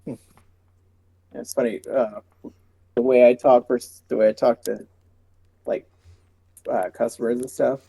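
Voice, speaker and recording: Mellow, husky man telling stories. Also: medium pitch, measured pace, long pauses. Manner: relaxed storytelling, laughs easily. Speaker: podcast co-host. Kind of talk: casual chat.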